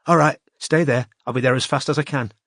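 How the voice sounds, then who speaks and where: A man's voice: medium pitch, steady tone, fairly quick, a bit bright, dry recording. A man voicing a determined young woman detective who speaks firmly and coolly, in a dry audiobook recording. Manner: firm and cool.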